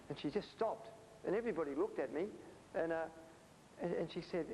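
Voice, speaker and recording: A man's voice: fairly high pitch, fast, mellow. A man giving a natural health lecture, telling patient stories with many fillers and restarts. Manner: anecdotal storytelling with frequent fillers and restarts. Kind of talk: recorded health presentation. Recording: hissy reverberant hall.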